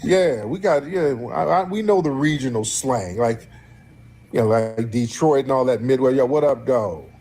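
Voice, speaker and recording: Husky man hosting a blunt call-in show. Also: mid-range voice, moderate pace, warm tone. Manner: blunt, mocking, questioning callers. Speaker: show host.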